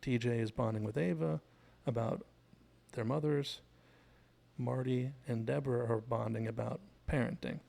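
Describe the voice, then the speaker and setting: A man's voice: mid-range voice, steady tone, normal speed, creaky, warm tone. A man chatting through a TV episode scene by scene, recapping the plot and digressing along the way. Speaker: TV show analysis host. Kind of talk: casual scene-by-scene commentary.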